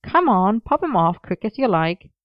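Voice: mid-range voice, big pitch swings, moderate pace, dry recording, dull audio, pitched above the performer's own voice, natural voice. A narrator voicing a playful, teasing young man in a story reading, with a smug, sing-song way of talking. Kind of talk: audiobook reading of a romance story.

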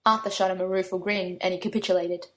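A woman's voice: lowish voice, little pitch movement, fast talker, a bit bright. A woman reading a story aloud, giving her own light touch to the young men's lines. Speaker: narrator.

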